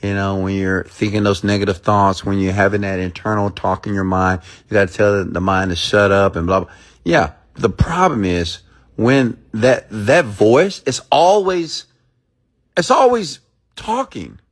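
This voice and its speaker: A man with a lowish voice gives a loose motivational talk straight to his viewers. He talks emphatically and circles back to his points, tossing in "okay?" and "right?" to check they're following. Now and then he acts out the thoughts in their heads. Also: normal speed. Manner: acts out inner thoughts in quoted asides. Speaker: motivational speaker hosting a livestream.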